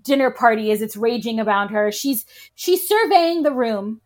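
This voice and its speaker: High-voiced joking woman co-host. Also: normal speed. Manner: joking, giggly, self-deprecating. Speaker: podcast co-host. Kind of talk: casual movie recap chat.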